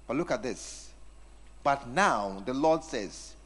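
A man's voice: mid-range voice, animated, slow, a bit bright, husky. A man preaching a sermon, teasing and acting out scenes with his congregation. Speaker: pastor.

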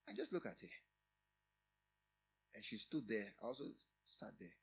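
A middle-aged man preaching a sermon, emphatic, often repeating and restarting phrases with sudden rises in loudness. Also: fairly low pitch, very animated, moderate pace, vocal fry, pauses often, breathy edge. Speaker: pastor.

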